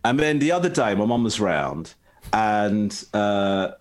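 Chatty man, lively voice. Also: lowish voice, slow pace, faint music behind. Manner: chatty, self-mocking, often laughs while telling stories. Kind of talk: casual chat, storytelling.

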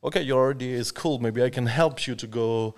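A man from France with a French accent, a guest on a casual podcast chat, pausing to search for English words. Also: mid-range voice, a little mellow. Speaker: guest tattoo artist.

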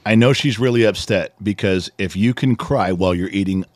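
A middle-aged man co-hosting a casual podcast, telling a family story with lively, animated delivery and acting out what others said. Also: lowish voice, brisk, no room sound. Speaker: podcast co-host. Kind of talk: casual chat.

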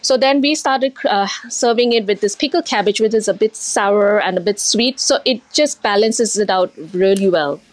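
A woman's voice: mid-range voice, normal speed, hardly any pauses, no room sound. A middle-aged woman from India who owns a restaurant, talking emotionally in an interview with many fillers and restarts. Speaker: restaurant owner.

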